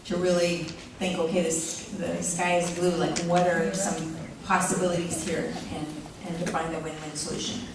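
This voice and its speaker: Brief: middle-aged woman, mid-pitched, conversational co-speaker, echoey room from far off. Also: little pitch movement, normal speed, a crowd in the background. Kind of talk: casual church talk.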